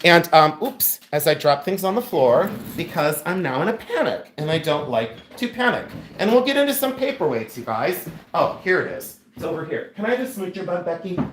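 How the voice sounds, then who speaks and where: A man with a notably high voice talks his way through a live jewelry sale. He is middle-aged, chatty and playful, and thanks viewers by name while showing off pieces. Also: sing-song, moderate pace, few pauses, a bit bright, a little hiss or hum. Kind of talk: live-stream selling chat.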